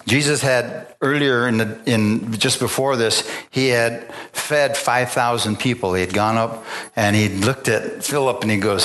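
Man, pastor, casual sermon, mid-pitched voice, halting restarts, acted-out dialogue. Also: a bit bright.

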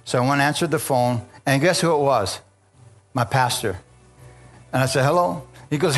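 A man's voice: medium pitch, normal speed, pauses often, soft background music. A man preaching and telling his own conversion story, calling out to the congregation as he goes. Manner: animated storyteller, calls out to congregation. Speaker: preacher giving a testimony. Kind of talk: sermon testimony.

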